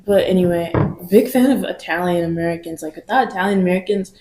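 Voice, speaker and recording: A woman co-hosts a podcast in a loose, rambling chat full of fillers. Her voice is mellow and slightly low, and the room around her rings with echo. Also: fast talker. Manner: chatty, rambling with many fillers. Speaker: podcast co-host. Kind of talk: casual chat.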